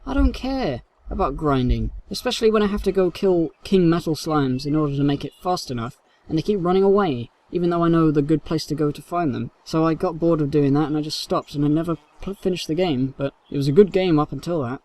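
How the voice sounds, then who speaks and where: A man's voice: on the high side, fast, few pauses, a little mellow. A young man from England with a London accent, casually rambling through viewer questions in a Q&A vlog. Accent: London English. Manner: rambling, self-deprecating, reads questions aloud. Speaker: YouTuber answering viewer questions.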